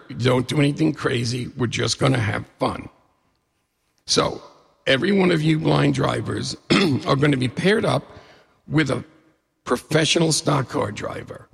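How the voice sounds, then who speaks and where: A man's voice: mid-range voice, gravelly, slightly rough, big-room sound. A man from New York State telling a humorous personal story to an audience and speaking directly to his listeners.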